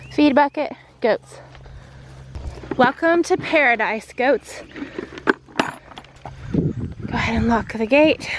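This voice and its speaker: A woman vlogging outdoors on a farm, chatting casually with the camera and calling loudly to her animals. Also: a little high, noisy background. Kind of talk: casual vlog chat.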